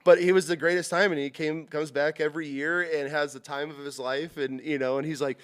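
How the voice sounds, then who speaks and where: Animated storytelling hunting guide, a man. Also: brisk, smooth. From Utah. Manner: animated, swearing, acts out quotes with big pitch jumps and whispers. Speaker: hunting guide, podcast guest. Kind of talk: casual storytelling.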